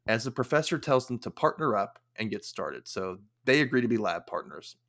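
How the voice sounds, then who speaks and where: A young man hosting a podcast, casually recapping an episode with animated storytelling and wry quoted asides. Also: fairly low pitch, fairly quick, vocal fry. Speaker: podcast host.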